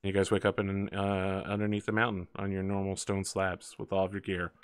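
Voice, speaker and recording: A man's voice: sits low, monotone, fairly quick, clear, resonant tone, no echo. A man narrating as game master of a tabletop game, casual and full of fillers.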